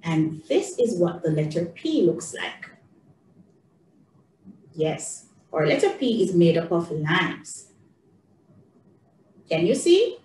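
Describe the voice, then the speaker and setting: A woman teaching young children, speaking in a slow, singsong, encouraging way, recorded a bit away from the mic in an echoey room with faint background noise. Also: lowish voice, very animated, darkish tone, far from the mic.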